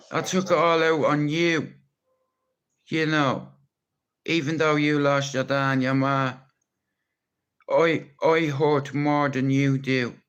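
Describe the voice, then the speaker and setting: A man's voice: medium pitch, a bit bright, clean tone, highs cut off. An Irish man talking on a live stream in a rambling, blunt and teasing way, with plenty of swearing. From Ireland. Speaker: livestreamer.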